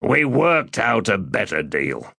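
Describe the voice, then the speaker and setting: A man's voice: lowish voice, big pitch swings, slow, vocal fry, pushed and bright, husky, no echo, clean studio sound, full character voice. A man voicing a nervous male petty crook who talks in a wheedling, defensive way.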